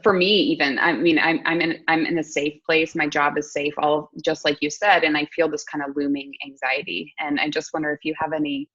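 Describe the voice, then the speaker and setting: Low-voiced woman host, lo-fi sound. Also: brisk, few pauses, fairly bright tone, slightly rough. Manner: reflective, thinks aloud with restarts. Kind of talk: conversational interview.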